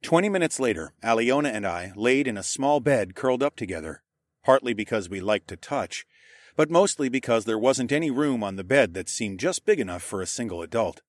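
A man's voice: mid-range voice, lively intonation, brisk, no room sound, clean studio sound. A man narrating an audiobook in first person, reading steadily.

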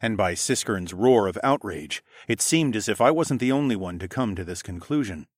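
A man narrates a fantasy scene in a low, measured voice. The sound is dry and close. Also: expressive, breathy edge, no echo. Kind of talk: storytelling narration.

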